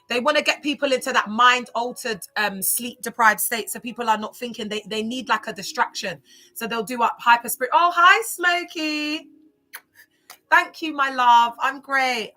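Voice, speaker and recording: A woman chatting casually on a livestream, animated and chatty, reacting to viewer comments. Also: mid-range voice.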